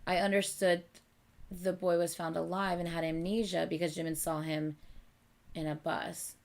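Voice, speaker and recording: Woman host, lowish voice, casual chatty reading and reacting at home. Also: normal speed, creaky. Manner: animated, chatty, thinking aloud with many okays. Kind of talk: casual live reading chat. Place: at home at night.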